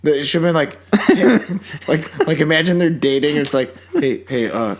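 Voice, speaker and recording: A man's voice: a little high, brisk. A man co-hosting a casual movie review podcast, sarcastic and swearing freely, acting out characters in quoted voices. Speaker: podcast co-host.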